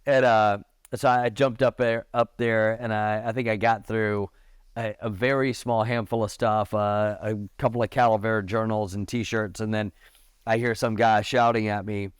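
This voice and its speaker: A man's voice: moderate pace, clear, resonant tone, dry recording, studio quality. A middle-aged man, a podcast guest, chatting casually and animatedly, telling stories and acting out the lines of the people in them. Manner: animated, acts out quotes with a raised pitch. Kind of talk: casual storytelling chat.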